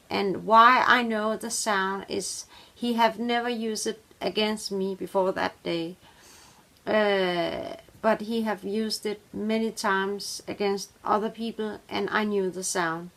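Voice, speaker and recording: Slow, gravelly woman telling a true story. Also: medium pitch, a bit bright. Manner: halting, with pauses and fillers. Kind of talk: personal storytelling.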